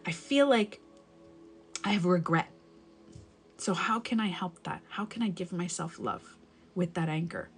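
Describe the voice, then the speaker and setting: A woman's voice: on the low side, unhurried, pauses often, soft background music. A woman coaching viewers on a live stream, talking casually and repeating her points to encourage them. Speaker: breakup and self-love coach.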